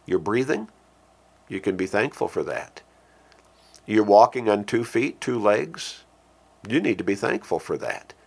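A man's voice: fairly low pitch, big pitch swings, gravelly, slightly rough. Earnest male preacher. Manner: slows and lifts his voice when quoting scripture; earnest, repeats key phrases for emphasis. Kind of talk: sermon.

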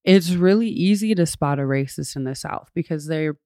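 A woman's voice: low-pitched, moderate pace, dark tone, dry recording, studio quality. A woman guest from talking in an earnest, thoughtful way, with fillers, in a casual conversation. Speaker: podcast guest.

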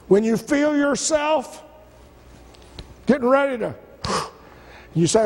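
A man's voice: extremely high pitch, animated, takes it slowly, pauses often, darkish tone, breathy edge. A male pastor preaching a sermon, stacking rhetorical questions and stumbling over restarts. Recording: long church-hall reverb.

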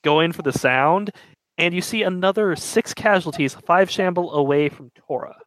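A man's voice: sits high, moderate pace, a bit bright, no echo, rough recording. A man running a tabletop game as game master, narrating in a casual, loose way. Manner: casual, loose, laughing often.

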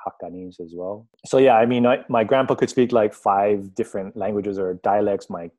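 A man speaking in a relaxed, reflective way as an interview guest, his voice often trailing off quietly. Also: lowish voice, moderate pace, no room sound, dull audio. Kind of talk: casual conversation.

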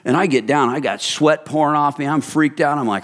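Pastor preaching with a long hall echo. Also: male voice, a little high, normal speed, few pauses. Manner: conversational, animated storytelling. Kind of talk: sermon.

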